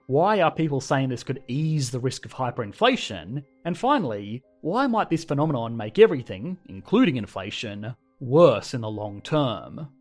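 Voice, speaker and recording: A man with an Australian accent, hosting a scripted finance explainer in a lively, conversational way. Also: medium pitch. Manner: lively, conversational, emphatic delivery. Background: faint background music.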